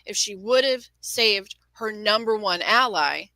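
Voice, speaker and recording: A woman's voice: medium pitch, unhurried, bright, forceful tone, no echo, poor audio. A woman co-hosting a podcast, talking through TV strategy in a thoughtful, analytical way. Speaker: podcast co-host. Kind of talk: casual chat.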